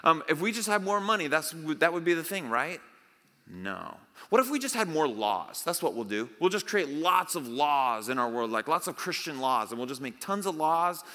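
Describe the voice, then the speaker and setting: Bright-voiced pastor in a reverberant hall. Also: male voice, fairly high pitch, very animated, moderate pace. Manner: conversational, acts out disciples' reactions, repeats and restarts. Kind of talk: casual sermon. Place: church sanctuary.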